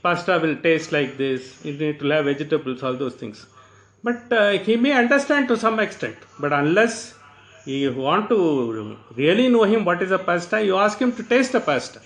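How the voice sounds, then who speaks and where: An older man from India, giving an unhurried spiritual discourse, often saying "you know" and chanting verses slowly. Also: a little high, lively intonation, fairly bright tone, poor audio. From South India. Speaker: teacher of scripture.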